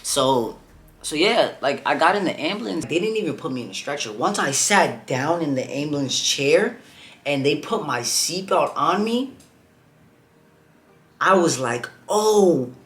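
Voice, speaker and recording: A man's voice: a little high, animated, measured pace, fairly bright tone. A young man telling a personal story in a casual vlog, rambling and leaning heavily on "like" and "bro". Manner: rambling, heavy on filler "like" and "bro". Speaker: vlogger.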